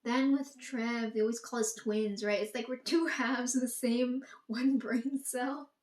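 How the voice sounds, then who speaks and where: A woman talks straight to the camera in a loose, profane rant, quoting herself and others as she goes. Her voice sits a little high, and the room around her rings with echo. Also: fairly even intonation, a little slow, darkish tone. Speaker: vlogger. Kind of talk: casual monologue. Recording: echoey room.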